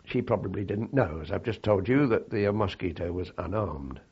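An older man recalling his wartime service in a halting, reflective way, with frequent fillers and restarts. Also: low-pitched, breathy edge, highs cut off. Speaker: interviewee. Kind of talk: oral history recollection.

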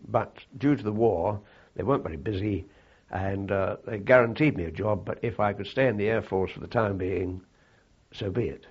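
Old guy remembering the war, kinda husky, stops and restarts a lot, muffled old tape sound. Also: on the low side. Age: older. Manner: halting, reflective, with many fillers and restarts. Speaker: interviewee. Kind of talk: oral history recollection.

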